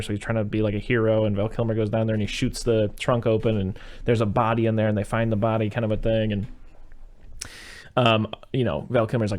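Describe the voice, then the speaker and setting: A man's voice: on the low side, flat delivery, a little fast, darkish tone. A man hosting a casual podcast, retelling a film's plot in a rambling, filler-heavy way with casual swearing. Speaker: podcast host. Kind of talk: casual movie-recap chat.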